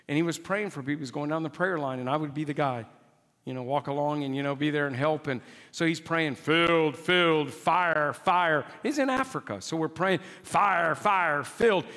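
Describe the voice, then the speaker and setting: Man, pastor, animated sermon storyteller with a wide-ranging delivery; church hall echo. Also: a little high. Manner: animated, exclaiming, dramatic retelling. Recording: long hall reverb.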